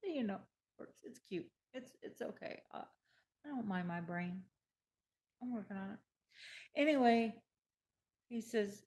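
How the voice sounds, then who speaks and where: A woman's voice: medium pitch, animated, unhurried, pauses often, darkish tone. A woman telling a personal story in a casual, emphatic way, repeating her points and acting out the dialogue she quotes.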